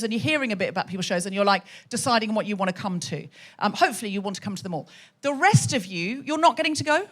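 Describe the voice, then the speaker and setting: Lively, teasing woman hosting a comedy show. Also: fairly high pitch, fairly quick. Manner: chatty, teasing crowd work. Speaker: comedy podcast host. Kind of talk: live stand-up hosting to an audience. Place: hot theatre stage with a live audience.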